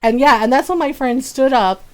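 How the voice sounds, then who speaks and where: Animated, indignant woman streamer. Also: high voice, normal speed. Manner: animated and indignant, often laughing mid-story. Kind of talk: casual storytelling to a live chat.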